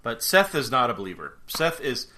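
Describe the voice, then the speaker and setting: A man's voice: mid-range voice, big pitch swings, moderate pace, bright, forceful tone. A man co-hosting a fan podcast in casual chat, thinking aloud and rambling off on side tracks. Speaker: podcast co-host.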